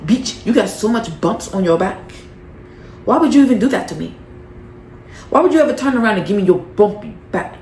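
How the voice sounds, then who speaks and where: A woman's voice: mid-range voice, animated, brisk, a little mellow, roomy sound, a little hiss or hum, natural voice. A woman doing a furious cursing female boss. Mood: scolding. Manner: scolding, profane, mocking.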